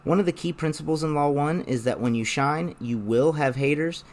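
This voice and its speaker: A young man narrating a scripted video essay in a measured, explanatory way. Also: a little high, a little mellow.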